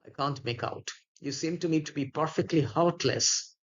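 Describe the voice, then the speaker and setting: Jack, a man reading as an exasperated young gentleman, indignant and put-upon, in a plain read-aloud delivery. The voice sits a little high. The recording is dull and lo-fi. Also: moderate pace, lightly acted.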